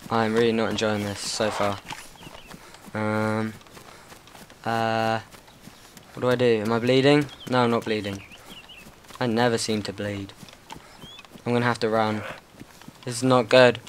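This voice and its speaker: A young man rambles nervously through his gameplay, muttering to himself and scolding the zombies on screen. His voice sits in an ordinary middle register, recorded on a desk mic with a faint hiss underneath. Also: mid-range voice. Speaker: gaming channel host. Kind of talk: casual gameplay commentary.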